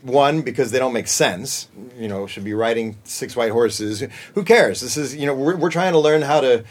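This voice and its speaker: A middle-aged man with an American accent chats in an easy interview manner. He is a voice actor and children's singer, and his talk stays lively as he jumps into bits of character voices and song lines. His pitch sits in a plain middle range. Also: normal speed. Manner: animated, jumps into character voices and sung snippets. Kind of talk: casual interview chat.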